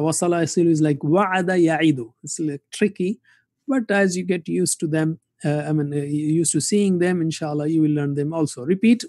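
Man, online Arabic teacher, mellow tone, dry close sound, repeat-after-me drills. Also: high voice, no room sound. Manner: drills words slowly, asks class to repeat.

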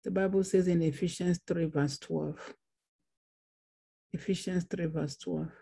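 A woman's voice: lowish voice, steady tone, a little slow, vocal fry, warm tone, slightly rough. A woman pastor preaching a Bible study sermon, repeating phrases for emphasis. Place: church.

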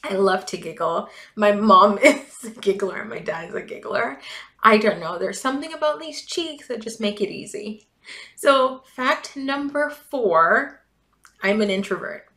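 A woman's voice: medium pitch, expressive, measured pace, sharp tone. A chatty, giggly woman from Jamaica with a light Jamaican accent blended with Canadian, talking casually in a personal vlog. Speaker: vlogger, event business coach. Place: at home.

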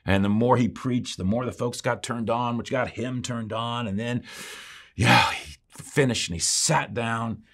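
A man pastor telling a story in a sermon, moving from quiet, slow lines to loud, rising refrains. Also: mid-range voice, steady tone. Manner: builds from quiet drawl to shouted refrain.

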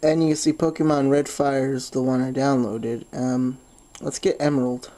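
A man's voice: mid-range voice, steady tone, moderate pace, warm tone. Stuffy-nosed man rambling through a tutorial. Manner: rambling, lots of "um", swears when frustrated. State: stuffy nose from allergies. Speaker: tutorial host. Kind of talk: casual screen-recorded phone tutorial.

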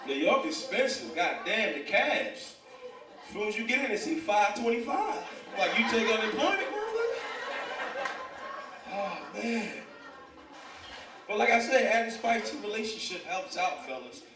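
A high-pitched man from New Jersey working a stand-up set, animated and fast to slip into other voices. His voice comes from a distance through an echoey club, with a loud crowd around him. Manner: animated, switching into quoted voices and singing. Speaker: stand-up comedian. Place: comedy club with a live audience.

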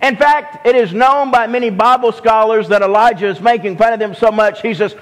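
A man with a Southern US accent preaching a sermon as pastor, slow and deliberate, often restarting his phrases. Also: high-pitched, fairly even intonation. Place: church sanctuary. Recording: long hall reverb.

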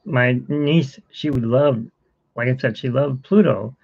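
A middle-aged man with a gravelly, husky voice drifts through a relaxed live-stream chat at home, unhurried and chuckling as he draws for his viewers. The stream audio is dull and lo-fi. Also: mid-range voice. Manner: rambling, chuckling, talking to viewers while sketching. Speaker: host. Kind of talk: casual live-stream chat while drawing.

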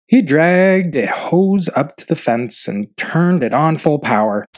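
Man, read-aloud storybook narration, rhythmic rhyming delivery, very animated pitch, unhurried. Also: background noise. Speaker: children's book reader.

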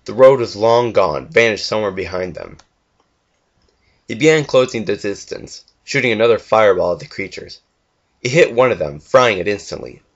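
A young man earnestly reading a fan story aloud, with the odd stumble and restart. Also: lowish voice. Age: young adult. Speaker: fanfiction reader. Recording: dull lo-fi home recording.

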